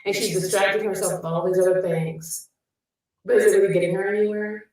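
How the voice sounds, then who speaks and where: A woman's voice: mid-range voice, steady tone, brisk, a little mellow, a little hiss or hum. Woman vlogger, hesitant and rambling, distant echoey sound. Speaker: YouTuber in a played clip. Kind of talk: casual vlog commentary.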